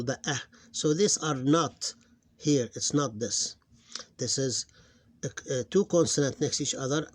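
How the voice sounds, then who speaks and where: A man teaching Arabic phonics in a recorded lesson. He talks slowly and patiently and calls out syllables loudly, one at a time. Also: mid-range voice, dry recording. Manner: slow and patient, sounding out syllables loudly and stressing each one.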